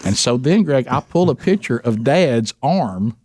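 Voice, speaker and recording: A man's voice: medium pitch, expressive, a little slow, darkish tone, no echo, clean studio sound. A man hosting a radio talk show, telling a prank story and laughing as he goes. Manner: laughs through his telling.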